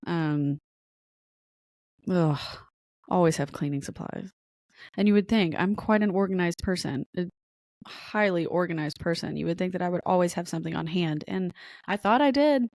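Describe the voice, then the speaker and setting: A woman's voice: fairly low pitch, vocal fry, a little mellow, no room sound, clean studio sound. A young woman hosting a podcast alone, talking in a candid, rambling way with self-mocking laughs before turning encouraging. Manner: encouraging pep talk. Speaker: podcast host. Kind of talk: casual solo podcast monologue.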